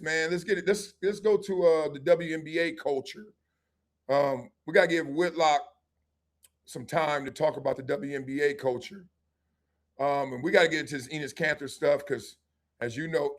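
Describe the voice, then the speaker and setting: Animated high-voiced man telling stories. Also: moderate pace. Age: 50s. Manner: animated storyteller, acts out voices, laughs often. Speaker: show host. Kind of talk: livestream storytelling and chat.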